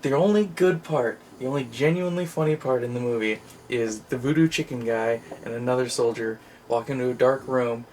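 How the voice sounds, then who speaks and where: Casual co-host, animated storyteller, mid voice, light background hiss. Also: male voice, medium pitch, brisk, hardly any pauses. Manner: animated storyteller, acts out movie scenes in put-on voices. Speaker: co-host of a movie collection channel. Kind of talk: casual chat.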